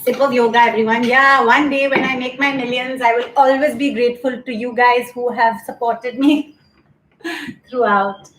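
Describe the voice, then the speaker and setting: A woman's voice: a little high, fairly even intonation, moderate pace, a little hiss or hum. A woman hosting a live-streamed yoga class from home, chatting openly with viewers, reading their comments aloud, and cueing stretches. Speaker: yoga instructor and show host. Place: home room. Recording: echoey room with faint background ambience.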